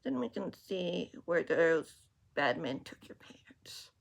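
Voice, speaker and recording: A woman voicing a soft-spoken, gentle man in black who coaxes a lost boy, reading a storybook aloud. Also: on the low side, slow pace, creaky, exaggerated voice. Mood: kindly. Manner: calm, coaxing, quietly spoken.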